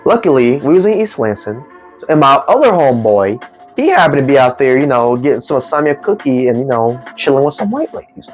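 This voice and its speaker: A man telling a comic storytime in loose, slangy speech, acting out every person in it. His pitch swings widely from line to line, and faint music plays behind him. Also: a little fast. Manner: animated, slangy, acts out the voices. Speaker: vlogger.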